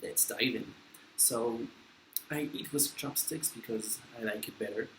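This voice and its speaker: A man in his twenties with a mid-range voice and an unhurried pace chats casually through a mukbang vlog, poking fun at himself and using lots of fillers. English isn't his native language. The audio has a noisy background, with an echoey room and faint ambience.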